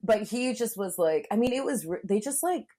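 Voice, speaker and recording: A woman's voice: on the high side, lively intonation, moderate pace, dark tone. A woman from Southern California telling a frank personal story in casual podcast chat, full of filler words and acted-out quotes. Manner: candid, frequent "like" fillers, acts out quotes. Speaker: comedian guest.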